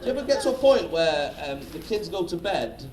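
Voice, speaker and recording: A middle-aged man, a stand-up comedian telling a story on stage to a live audience in a chatty, animated way, swearing freely and often checking in with the crowd. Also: fairly high pitch, a little fast. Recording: roomy live-venue recording from a distance. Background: audience laughter and crowd noise.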